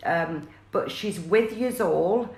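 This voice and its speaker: A woman talks through a live-streamed reading in a chatty, rambling way, full of fillers and restarts. Her voice sits a little low. The sound carries a roomy echo. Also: slow pace, creaky, darkish tone. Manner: chatty, relays messages with many fillers and restarts. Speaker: psychic medium.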